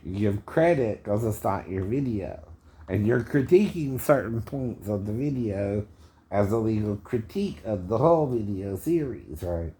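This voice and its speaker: A man's voice: lowish voice, expressive, normal speed, warm tone. A man in his fifties giving rambling commentary on a video, chuckling often and tagging his sentences with "right?".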